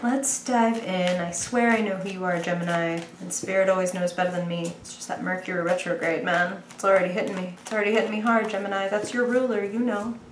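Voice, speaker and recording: A woman's voice: mid-range voice, steady tone, brisk, hardly any pauses, echoey room, noisy background. A woman reading tarot for viewers in a bubbly, chatty way, thinking aloud as she goes. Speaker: tarot reader. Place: indoor room with bright light.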